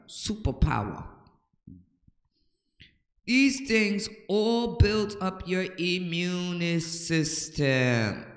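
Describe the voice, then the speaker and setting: With a voice on the low side, an older woman hosts a home-remedy talk, giving casual advice to camera slowly and deliberately. She lectures with emphatic, preachy conviction and checks in with "okay?", her voice ringing around a roomy, echoey space with long, lingering reverb.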